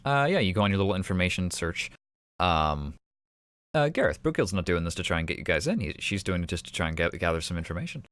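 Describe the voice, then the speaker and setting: A man's voice: sits low, animated, fast, fairly bright tone, clean tone, no echo, clean studio sound. A man narrating a tabletop game as game master in a rambling way, full of fillers.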